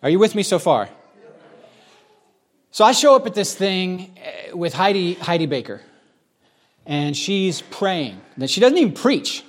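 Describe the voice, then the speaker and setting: A middle-aged pastor tells his own story from the pulpit in a candid, chatty way. His voice sits slightly high for a man, and he often restarts his sentences. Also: lively intonation, unhurried, pauses often. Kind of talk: sermon-style personal testimony.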